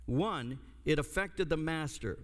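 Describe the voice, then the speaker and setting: A man's voice: a little high, expressive, takes it slowly, fairly bright tone. An older man, a pastor, preaching a sermon and telling a story with comic asides. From United States. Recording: long hall reverb.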